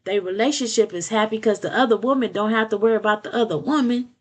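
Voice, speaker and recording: A woman's voice: on the high side, fast talker. An older woman giving blunt, preachy relationship advice in a casual monologue, often repeating words and checking in with "okay?".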